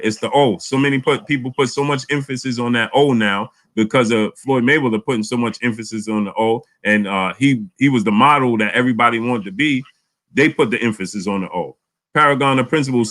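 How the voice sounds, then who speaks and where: A man hosting a casual live boxing chat, animated, often repeating words. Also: medium pitch. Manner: animated, repeats words, reads super chats aloud. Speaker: boxing channel host.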